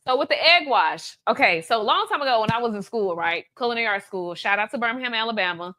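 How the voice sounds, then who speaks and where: A woman's voice: fairly high pitch, animated, fast talker, bright, forceful tone. Chatty woman hosting a cooking demo. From Atlanta, USA. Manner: chatty, playful, teasing asides to viewers. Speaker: cooking show host, baker. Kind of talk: casual live cooking demo.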